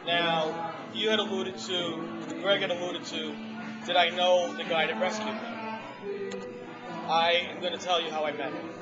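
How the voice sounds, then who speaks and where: A man with a fairly high voice tells his story over dinner, animated and acting out the people he quotes. The audio is dull and lo-fi, and loud restaurant music plays behind him. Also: moderate pace. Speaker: former ambulance responder telling his story. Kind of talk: casual storytelling to a small group.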